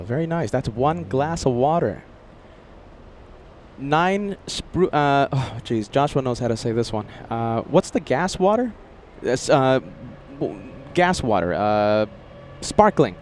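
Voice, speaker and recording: A man's voice: mid-range voice, expressive, a little slow, a little hiss or hum. An upbeat, chatty man hosting a casual livestream outdoors near an airport and reading viewer messages. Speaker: livestream host.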